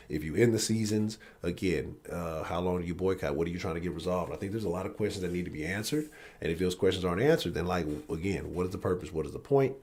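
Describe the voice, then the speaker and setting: A man's voice: sits low, a little mellow, a little hiss or hum. A man hosting a live-stream sports talk show, ranting bluntly and profanely. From Houston area.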